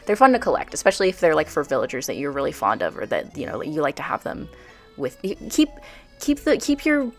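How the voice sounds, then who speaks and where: A young woman narrating a video game build in a casual, bubbly voice-over, full of "like" and quick asides. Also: deep voice, wildly swooping pitch, faint music behind. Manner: chatty, bubbly, filler-heavy with frequent "like".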